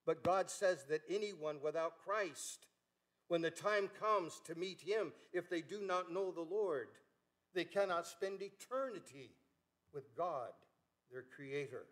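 An older man, a pastor, preaching a sermon in a church, earnest and emphatic, rising on key words and dropping low at the ends of phrases. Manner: earnest preaching with emphatic rises and soft drops. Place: church sanctuary.

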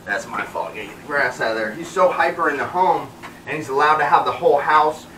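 A man training a dog outdoors talks through what he is doing, breaking off to give sharp commands. His voice is bright and forceful. He stands back from the microphone, so the sound is roomy. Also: fairly high pitch, brisk, recorded from a distance, a little hiss or hum. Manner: commands the dog mid-sentence, many fillers. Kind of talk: explaining while training a dog.

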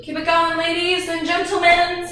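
A woman's voice: very high-pitched, monotone, moderate pace, pushed and bright, heavy reverb, distant mic, a little hiss or hum, low-quality recording. A woman fitness instructor coaching a workout, out of breath and encouraging between exercises.

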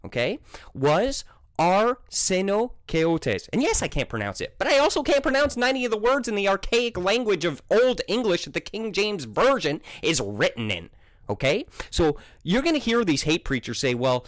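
A combative man with a French accent rants and scolds in a sarcastic monologue. His pitch leaps up and down with animated emphasis. The sound is dry and close, with no room echo. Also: normal speed. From French Canada. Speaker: Christian vlogger. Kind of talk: heated monologue.

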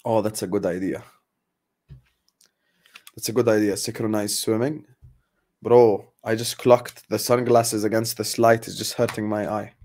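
A man's voice: lowish voice, level tone, measured pace, pauses often, a little mellow. A young man venting casually to his viewers in a sarcastic, frustrated way, laughing at times and trailing off into sighs. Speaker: football fan vlogger. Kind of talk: casual ranting chat to viewers.

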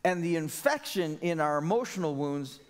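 Man, pastor, sermon, somewhat high-pitched, earnest conversational preaching, reverberant church hall. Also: lively intonation, normal speed. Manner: earnest, conversational preaching with emphatic rhetorical questions. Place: church sanctuary.

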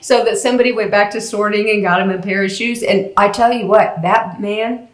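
A woman's voice: mid-range voice, steady tone, a little fast. A woman sharing a faith testimony as a mission ministry leader, telling it in an earnest, folksy way with many fillers. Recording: roomy echo.

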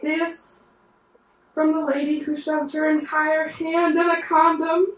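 A nurse in her mid-twenties from West Virginia tells a wry, sassy story onstage at a live storytelling show in a bar, her Southern accent clear. Her voice is high and level, at normal speed. The mic is far off in the roomy venue, with a noisy background.

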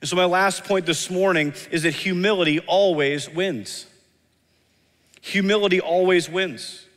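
A male pastor delivers an earnest sermon, driving his points home by repeating them. His voice sits a little high. The sound carries a long reverb from the church sanctuary. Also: a little slow, a bit bright. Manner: earnest, acts out quoted voices, emphatic repetition.

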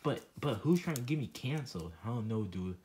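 A man's voice: medium pitch, lively intonation, a little fast, a little mellow, slight background noise, lightly acted. A man voicing a laid-back teenage puppet friend who drawls casually and says dude constantly. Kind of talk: comedic puppet skit voice.

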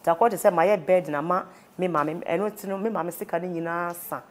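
In a steady tone, brisk and a bit low in pitch, a Ghanaian-accented woman recounts a painful personal story for an interview. Her emotional testimony mixes Twi and English.

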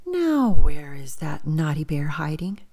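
A woman reading a bedtime story aloud in a soft, often whispered, expressive voice. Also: deep voice, measured pace.

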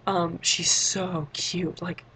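A woman's voice: on the low side, level tone, slow, pushed and bright, slight background noise, low-quality recording. Chatty teen girl telling a story. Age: late teens. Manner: chatty, acts out quoted voices, frequent "like". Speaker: vlogger. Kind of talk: casual storytelling vlog.

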